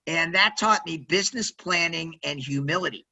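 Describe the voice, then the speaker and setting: A quirky man in his sixties talking with big, loud energy as a podcast guest. His voice sits high for a man and rings bright and forceful, and he keeps checking in with "right?". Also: moderate pace, gravelly, rough recording. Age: 60s. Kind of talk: energetic interview storytelling.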